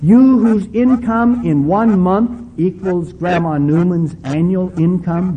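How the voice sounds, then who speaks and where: A male pastor preaching a sermon with emphatic, drawn-out stresses and a folksy storytelling manner. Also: high voice, mellow, husky, low-quality recording.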